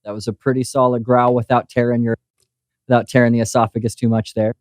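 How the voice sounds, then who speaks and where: A man's voice: mid-range voice, level tone, fast, darkish tone, dry recording. Chill guy guesting on a podcast, swears a ton, jokes around, dry close mic. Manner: laid-back, profane, joking. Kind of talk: casual podcast chat.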